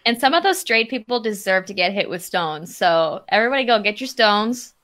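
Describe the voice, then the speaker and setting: A woman's voice: medium pitch, animated, fairly quick, a bit bright. Playful, teasing woman co-host. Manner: playful, teasing, laughs often. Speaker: podcast co-host. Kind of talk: casual podcast chat.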